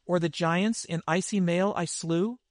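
A man's voice: sits high, fairly even intonation, measured pace, no room sound, clean studio sound. A man reading the lines of a dazed, hardened barbarian warrior in a storybook.

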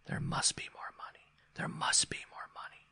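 A man reading a story aloud, voicing the unseen whisper of a haunted house in a breathy, unvoiced whisper. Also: mid-range voice, normal speed, fairly bright tone, no room sound, full character voice. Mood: eerie. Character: the house's eerie whispered demand, a thing.

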